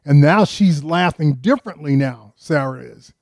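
A man preaching in a relaxed, conversational way, his voice pitched a bit high yet mellow in tone. He peppers the congregation with rhetorical questions and speaks to them directly. The sound is dry and close. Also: moderate pace, hardly any pauses, no echo. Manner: addresses listeners directly and earnestly. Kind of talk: conversational sermon.

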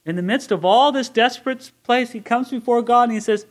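Male Bible teacher with a high voice, earnest sermon delivery that swings from hushed to forceful. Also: brisk, few pauses. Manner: earnest, swings from quiet to emphatic. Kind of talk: expository sermon.

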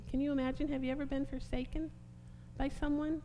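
A woman's voice: sits high, normal speed, long pauses, warm tone. A woman preaching a sermon, impassioned and rising to emphatic peaks. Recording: long hall reverb, faint hum.

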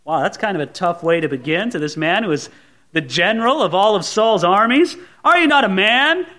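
A man's voice: high voice, lively intonation, fairly quick, a bit bright. A man preaching a sermon as pastor, retelling the scene dramatically and acting out the people in it. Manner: dramatic, acts out the scene in voices.

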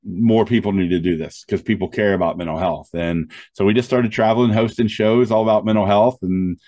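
A man's voice: on the low side, a little fast, dry recording. A man, a stand-up comedian, telling stories in an interview, full of quoted dialogue and frequent "um" fillers. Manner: animated anecdotes with quoted dialogue. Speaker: guest, stand-up comedian and show host. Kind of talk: storytelling interview talk.

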